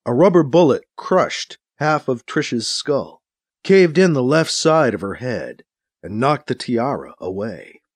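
Expressive male audiobook narrator. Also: medium pitch, dry recording, studio quality. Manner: dramatic, expressive reading. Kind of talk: audiobook narration, acting out scenes.

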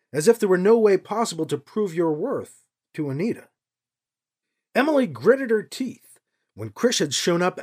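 A woman narrating a novel as an audiobook, with expressive storytelling. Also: mid-range voice. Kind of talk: scripted narration.

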